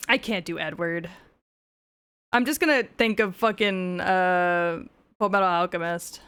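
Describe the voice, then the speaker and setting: A woman's voice: lowish voice, measured pace, fairly bright tone, clear, resonant tone. A woman streaming gameplay, chatting casually with frequent swearing and joking asides.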